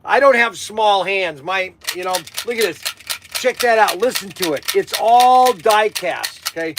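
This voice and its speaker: A man hosting a live stream and pitching toys as an excitable salesman who hollers and laughs. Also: measured pace, background noise. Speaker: toy shop host.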